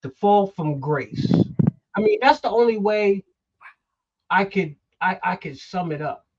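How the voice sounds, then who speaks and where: A man's voice: high voice, expressive, measured pace, muffled recording, background noise. A middle-aged man hosting a political talk show, heated and emphatic, swearing now and then. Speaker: host.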